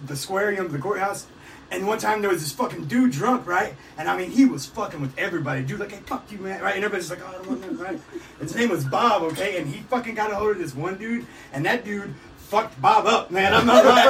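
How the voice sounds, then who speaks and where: A middle-aged man from Missouri telling rowdy, profane stories and laughing in a casual podcast chat. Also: high-pitched. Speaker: podcast co-host. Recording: distant mic with loud background noise.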